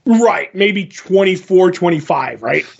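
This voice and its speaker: High, husky-voiced man telling a story. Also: measured pace, muffled recording. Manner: animated storyteller, swears, acts out quoted people. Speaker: podcast co-host. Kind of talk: casual chat.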